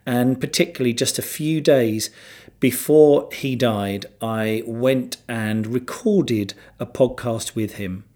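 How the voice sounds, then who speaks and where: A man hosting a podcast, introducing a bedside chat and gently asking questions from the foot of the bed. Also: mid-range voice. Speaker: podcast host. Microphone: microphone at the foot of the bed.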